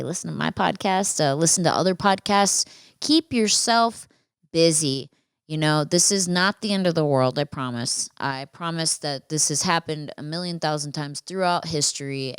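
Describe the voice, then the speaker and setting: A woman's voice: deep voice, clean tone, no echo, studio quality. A woman hosting a casual storytelling podcast, chatty and profane, talking to listeners with friendly asides. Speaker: podcast host.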